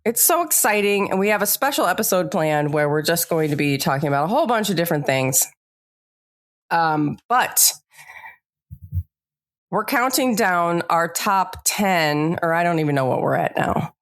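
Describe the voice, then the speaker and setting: A woman co-hosts a podcast in an easygoing, conversational way. Her voice sits a little low, and she laughs off her own slips as she goes. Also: animated, moderate pace. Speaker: podcast co-host. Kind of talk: casual podcast chat.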